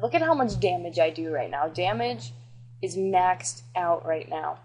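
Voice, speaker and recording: Brief: excitable woman gamer, casual running commentary, talkative and profane. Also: fairly low pitch, a little slow, slightly rough, poor audio. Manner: chatty, excitable, swears and jokes while playing. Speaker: gameplay commentator.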